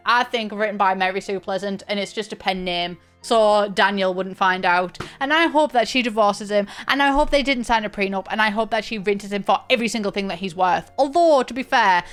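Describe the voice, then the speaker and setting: A woman's voice: mid-range voice, fairly bright tone. A young British woman giving chatty, playful gaming commentary with sarcastic asides. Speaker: YouTuber.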